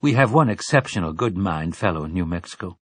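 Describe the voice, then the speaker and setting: A man's voice: low-pitched, expressive, a bit bright, slightly rough, dry recording, exaggerated voice. A man doing a stern, formal young woman. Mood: measured. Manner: measured, formal speech.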